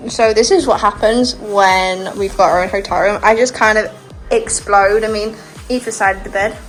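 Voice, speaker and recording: A young travel vlogger with a medium-pitched, steady voice talks at normal speed, chatting casually and laughing often as she films on a handheld phone, walking around outdoors and inside a hotel room. The recording is low-quality, with music playing under her voice.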